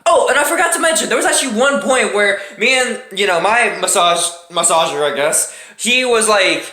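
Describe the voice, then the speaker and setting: A man telling a story to the camera, quick and animated, with lots of swearing. His voice is bright and lively, and it jumps up and down in pitch. The room around him gives an echoey ring. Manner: fast, profane, animated storytelling. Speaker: vlog host. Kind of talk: casual storytime vlog.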